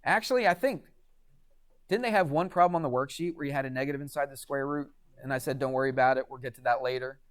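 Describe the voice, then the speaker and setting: A man's voice: medium pitch, fast talker. Chatty male math teacher in class. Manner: chatty, asks the class frequent questions. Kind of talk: classroom lecture.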